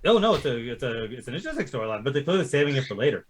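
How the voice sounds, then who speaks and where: A man's voice: mid-range voice, very animated, racing. A man co-hosting a casual TV recap podcast, swearing freely and acting out characters' lines as he talks. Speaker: podcast co-host. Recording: livestream podcast.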